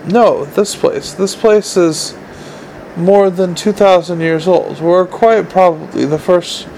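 A man voicing a slow, literal-minded male troll watchman who speaks in blunt broken grammar. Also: high-pitched, fairly even intonation, a little mellow, a little hiss or hum, poor audio. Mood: plodding.

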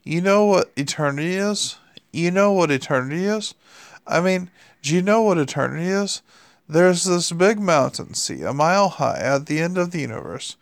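A man's voice: high-pitched, animated, normal speed, dry recording, clean studio sound, pitched above the performer's own voice. A man reading aloud as a sly male demon who coaxes and pushes on relentlessly. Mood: persuasive. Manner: coaxing, pushes on insistently.

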